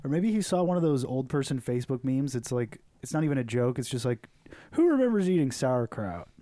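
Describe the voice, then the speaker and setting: A man's voice: medium pitch, fast, mellow, dry recording. Ask for a crude, joking young man podcast host. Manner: crude, joking, acts out voices with laughs. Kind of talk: casual comedic chat.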